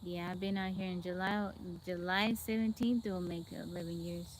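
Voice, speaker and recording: A woman chatting on a live stream, calmly greeting and thanking viewers one by one from outdoors in the woods, speaking into her phone. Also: fairly low pitch, normal speed. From Texas, USA. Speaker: livestream host. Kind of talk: casual live-stream chat reading viewer comments. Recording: faint outdoor noise from a phone. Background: insects and birds outdoors.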